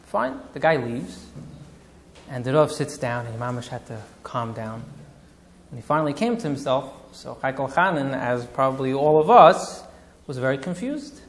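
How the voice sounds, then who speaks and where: A male rabbi telling a story in a dramatic, animated way, using Yiddish and Hebrew terms. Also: mid-range voice, moderate pace, slight background noise. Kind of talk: storytelling talk.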